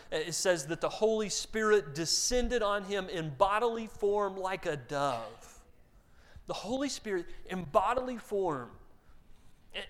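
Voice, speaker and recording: A man's voice: fairly high pitch, fairly bright tone. A man preaching a sermon in a conversational way, often repeating words as he starts a sentence and acting out quoted voices. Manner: acts out quoted voices for emphasis. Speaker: pastor.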